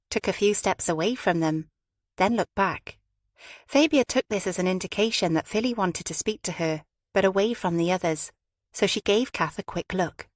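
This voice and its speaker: Woman audiobook narrator, low voice, measured, dry close read. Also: no echo. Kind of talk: scripted narration.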